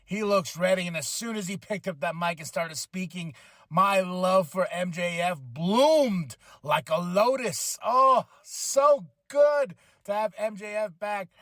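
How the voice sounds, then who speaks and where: A man hosting a podcast, recapping a wrestling show with animated enthusiasm and occasional excited shouts. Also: sits high, a little slow, no echo, studio quality. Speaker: podcast host.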